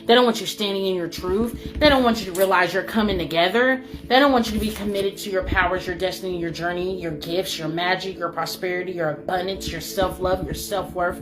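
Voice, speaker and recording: A woman giving a spiritual reading in an emphatic, repetitive way, swinging between loud and soft. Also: on the low side, brisk. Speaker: spiritual reader. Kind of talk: spiritual channeling monologue. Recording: music playing behind.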